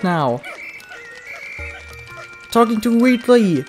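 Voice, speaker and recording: A let's play gamer commentating, swearing a lot, yelling at the game and then muttering to themself. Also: mid-range voice, slow, long pauses, soft background music.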